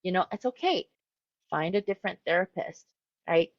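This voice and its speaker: A woman mental health counselor presenting a webinar in a relaxed, conversational way, often voicing what a client might think. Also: fairly low pitch, moderate pace, no echo, lo-fi sound.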